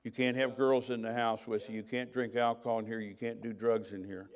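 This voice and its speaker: An older man quoting his stern mother, firm and quiet as she lists house rules. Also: mid-range voice, level tone, brisk, dull audio, lightly acted.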